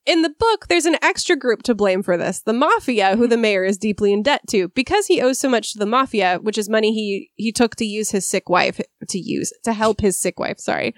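A woman's voice: mid-range voice, expressive, brisk, few pauses, dry recording, clean studio sound. A woman co-hosting a film podcast, talking casually and analytically with plenty of ums and likes. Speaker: podcast co-host.

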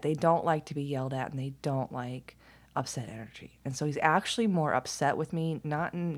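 A woman's voice: deep voice, a little mellow, breathy edge. A woman talking in a casual monologue, candid and blunt, swearing freely, laughing often and now and then dropping to a near whisper.

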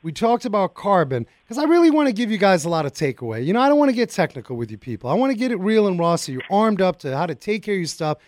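High-voiced excitable male radio host. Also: fast talker, hardly any pauses, no echo. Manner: excitable, folksy, talks to listeners directly. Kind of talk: casual radio talk. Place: radio studio. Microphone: studio mic.

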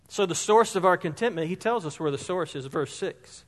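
A pastor preaching a sermon, emphatic and fond of stacking repeated words for stress. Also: male voice, high voice, fairly quick, few pauses, long reverb tail.

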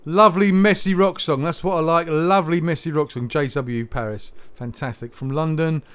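A man's voice: fairly high pitch, steady tone, normal speed, a bit bright, slight background noise. A man hosting a music podcast, chatting between tracks in a rambling, jokey way. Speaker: podcast host.

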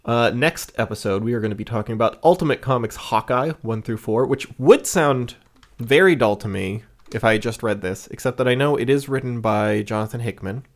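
A man's voice: medium pitch, a little fast. A man co-hosting a podcast, chatting casually, rambling with lots of fillers and laughing often. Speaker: podcast co-host.

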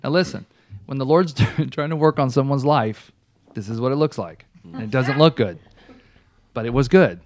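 A man telling his personal testimony in a casual talk, an animated storyteller who restarts often and laughs along the way. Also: medium pitch, moderate pace.

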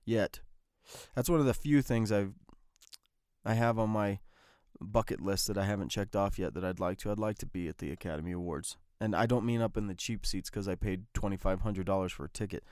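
A man talks through his week on his own podcast in a loose, rambling way, full of fillers and restarts. His voice sits low and sounds smooth and clean. The recording is dry, with no room sound. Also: a little fast, darkish tone, dry recording. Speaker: podcast host. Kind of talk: casual solo podcast talk.

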